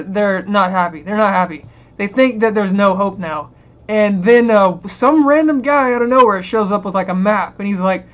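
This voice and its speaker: A man's voice: high voice, a bit bright, highs cut off. A man giving a casual, rambling movie rant, chuckling often and dropping sarcastic asides. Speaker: movie reviewer.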